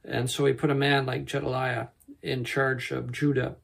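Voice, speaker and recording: Guy with a gravelly voice going thru scripture verse by verse, lots of uh's, slow and halting. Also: medium pitch, little pitch movement, fairly bright tone. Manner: unhurried, halting with many "uh"s and self-corrections. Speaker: Bible teacher. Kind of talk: verse-by-verse Bible teaching.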